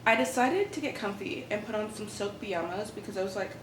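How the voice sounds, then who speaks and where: A young woman chats straight to the camera from her apartment, excitable and gushing. Her voice sits at an everyday middle pitch, with a faint hiss under it. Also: a little fast. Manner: chatty and excitable, talks to viewers as friends. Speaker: book vlogger. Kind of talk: casual reading vlog chat.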